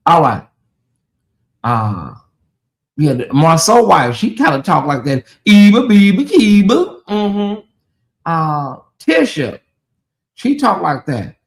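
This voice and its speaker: This Southern-accented man runs a laid-back livestream, addressing viewers and responding to what they type in chat. His pitch is fairly high with big swings, his tone a bit bright, and he takes things slowly with long pauses.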